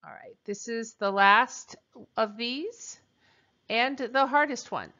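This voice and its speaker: A woman teacher leading a recorded translation drill, speaking slowly and deliberately with pauses. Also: a little high, bright, forceful tone, highs cut off. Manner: slow, deliberate dictation with pauses. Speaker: French teacher.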